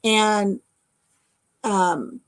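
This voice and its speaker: A woman's voice: medium pitch, drawn-out words. A middle-aged woman from the American Midwest, chatting casually with a live audience on her vlog and answering viewer comments. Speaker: vlogger.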